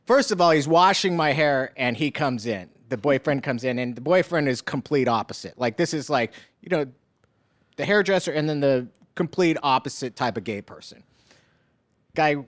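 A man in casual conversation, telling an animated anecdote and laughing often as he goes. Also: medium pitch, moderate pace, no room sound, clean studio sound. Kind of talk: casual chat.

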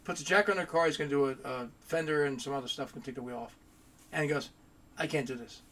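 A man who owns a body shop, chatting casually on a podcast and acting out his own stories with lively quoted dialogue. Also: fairly high pitch, rapid-fire. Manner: animated storyteller, acts out dialogue.

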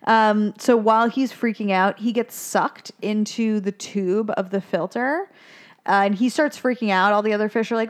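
A woman's voice: on the high side, fairly even intonation, measured pace, clear, resonant tone. A woman co-hosting a podcast, chatting casually and laughing as she retells a film's scenes. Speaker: podcast co-host. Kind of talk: casual chat recapping a film.

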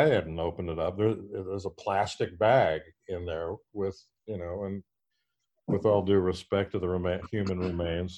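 A man's voice: on the low side, darkish tone, lo-fi sound. A man hosting a podcast, telling a rambling, self-mocking story among friends and laughing as he goes. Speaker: podcast host. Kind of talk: casual storytelling.

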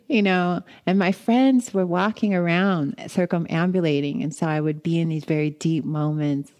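Low warm-voiced woman telling a dharma story. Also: moderate pace, hardly any pauses. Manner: animated storytelling, acts out her own thoughts with laughs. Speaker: meditation teacher.

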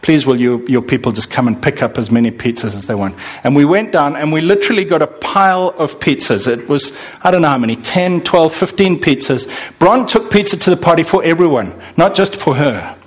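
A man's voice: on the high side, expressive, a little fast, hardly any pauses. A middle-aged man preaching a sermon, emphatic, acting out the voices he quotes. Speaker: pastor.

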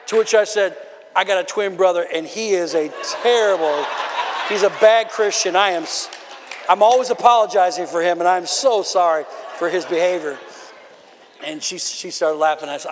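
A man pastor preaching a conversational sermon from the platform, building into shouted bursts. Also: high voice, a little fast, a faint crowd. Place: church sanctuary. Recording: long hall reverb of a church.

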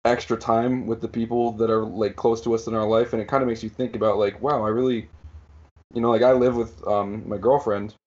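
A man co-hosting a podcast, musing reflectively in a relaxed, filler-heavy chat. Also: lowish voice, brisk, highs cut off. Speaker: podcast co-host. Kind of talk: casual chat.

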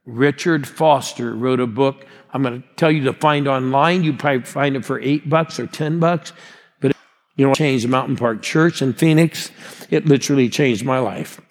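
A man's voice: mid-range voice, normal speed. A man in his sixties preaching a sermon as a pastor, rousing and calling out to the congregation. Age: 60s. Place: large church hall. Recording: long hall reverb.

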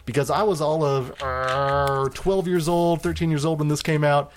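A man's voice: on the high side, little pitch movement, normal speed, a little hiss or hum. A man hosting a casual film podcast, talking in a rambling way with lots of fillers. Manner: rambling, hesitant with many fillers. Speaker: podcast host.

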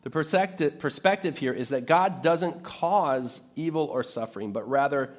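A man's voice: a little high, expressive, moderate pace. A man preaching an Easter sermon, reading a scripture passage aloud and then explaining it in plain terms. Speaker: pastor.

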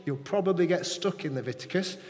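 A male preacher with a fairly high voice, delivering a sermon in a church hall where his words ring out with a long reverb. He keeps the congregation involved, tossing questions to them and checking they are with him. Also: brisk, darkish tone. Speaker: pastor.

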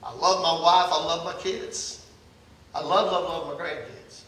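Older pastor preaching in an echoey church. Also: male voice, fairly high pitch, steady tone, measured pace, fairly bright tone, distant mic. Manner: preaching with rising urgency, repeating key phrases. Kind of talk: sermon. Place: church sanctuary.

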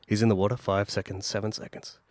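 A man's voice: fairly low pitch, little pitch movement, fast talker, a little mellow, no room sound. A man co-hosting a casual podcast chat, telling a rambling story and acting out characters' lines. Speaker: podcast co-host.

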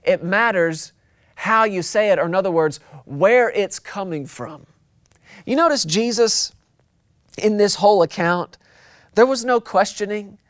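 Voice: mid-range voice, no echo, studio quality. A pastor preaching a sermon, emphatic and repetitive, drawing out key words for weight.

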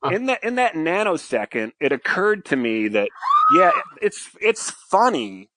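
A man, a former fighter pilot and podcast guest, telling a long casual anecdote in an animated, profane way and often tagging lines with "right?". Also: high voice, measured pace.

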